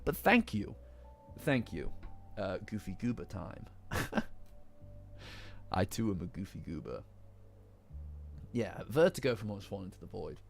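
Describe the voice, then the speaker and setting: A man's voice: on the low side, very animated, unhurried, creaky, pauses often. A man from England with a Midlands accent, recovering from the flu, chatting casually on a live stream and rambling with many restarts and casual swearing. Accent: English Midlands. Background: faint lofi music.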